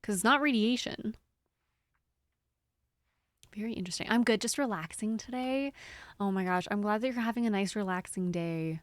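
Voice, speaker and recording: A young woman with a medium-pitched voice streams a game from home, talking at normal speed with frequent pauses and no room sound. She chats and giggles with her viewers and her dog into a desk microphone on a squeaky stand, in casual live-stream style.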